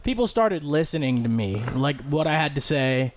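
Young man, slightly high voice, rambling and profane, loud acted-out quotes, casual podcast storytelling. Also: big pitch swings, moderate pace. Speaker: podcast co-host.

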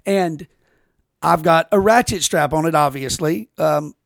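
Gravelly guy rambling on his podcast, swears a lot, dry close mic. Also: a little high, a little slow, no echo. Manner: rambling, profane storytelling with many restarts. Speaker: podcast host. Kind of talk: casual podcast chat.

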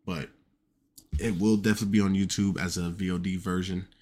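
A man's voice: low-pitched, steady tone, fairly quick, darkish tone. A man hosting his own podcast, talking loosely and rambling, with lots of "you know". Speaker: podcast host. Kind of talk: casual solo podcast talk.

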